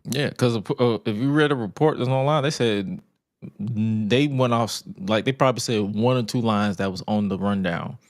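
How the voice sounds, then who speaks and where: A man co-hosting a podcast in casual chat, an expressive storyteller who acts out what others said and swears freely. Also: lowish voice, moderate pace, no room sound, studio quality. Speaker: podcast co-host.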